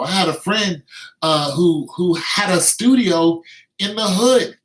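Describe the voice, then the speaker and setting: A man's voice: sits high, lively intonation, slow pace, fairly bright tone, slight background noise. Emphatic middle-aged man in a roomy echo. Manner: emphatic, repeats words when stressing a point. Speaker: vlogger. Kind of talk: ranting commentary to camera.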